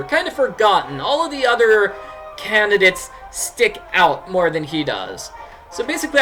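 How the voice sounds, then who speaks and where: Man, casual let's-play commentary, rambling, lively pitch, game music behind. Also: poor audio. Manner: rambling, many fillers and restarts. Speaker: streamer and game writer.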